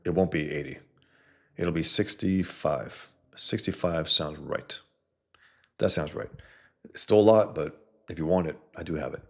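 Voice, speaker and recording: Man, deep low voice, casual livestream chat, blunt, swears a lot, rambling. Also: unhurried, long pauses, fairly bright tone. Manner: blunt, profane, rambling with restarts. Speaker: livestream host reading chat. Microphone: computer mic, no headset.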